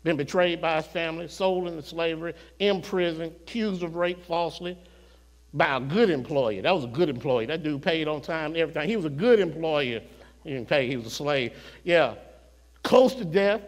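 A high-voiced, expressive male preacher delivers a sermon in a reverberant church sanctuary. He speaks straight to the congregation in call-and-response style, moving from soft, slow murmurs to shouted climaxes.

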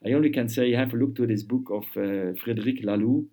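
Man, interview guest, halting and repetitive, warm dark tone. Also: medium pitch, husky. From Luxembourg. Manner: halting, repeats words while searching for phrasing. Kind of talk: conversational interview.

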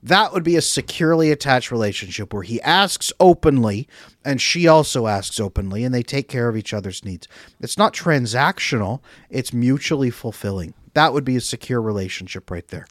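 Brief: male relationship coach, lively delivery, dry close recording. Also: medium pitch, fairly quick, dry recording. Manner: animated, acts out example dialogues. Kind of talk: casual interview talk.

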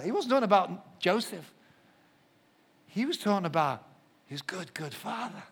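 A middle-aged man preaching a sermon as a pastor, animated, swinging between loud acted-out shouts and soft asides. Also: high voice, moderate pace, vocal fry. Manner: animated storyteller, shouts when acting out quotes, drops to soft asides. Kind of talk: sermon with personal story.

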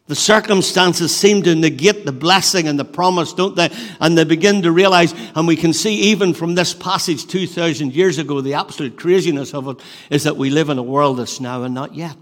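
A man preaches with a high, carrying voice, pressing hard on key lines and then dropping to a hush. He often stumbles and restarts mid-phrase. His words ring out with a long reverb through a church hall. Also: moderate pace. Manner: earnest, builds emphasis then drops to a hush, frequent restarts. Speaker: pastor. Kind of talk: sermon.

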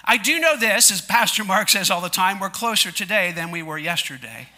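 A man's voice: high-pitched, expressive, brisk, bright, forceful tone. A man preaching a sermon to his congregation in a church, emphatic and repetitive, often asking the listeners to say lines back with him. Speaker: pastor. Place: church sanctuary before a congregation.

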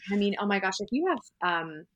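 A woman co-hosting a casual chat about weddings, chatty and animated, telling stories with laughter. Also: mid-range voice, fast, highs cut off. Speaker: wedding podcast co-host.

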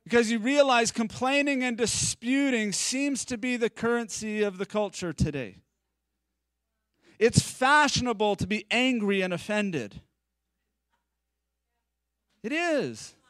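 High, smooth-voiced preacher giving a chatty sermon. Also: male voice, measured pace, long pauses, no room sound. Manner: chatty, animated preaching with self-deprecating asides. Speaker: pastor. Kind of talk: conversational sermon. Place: church service streamed live.

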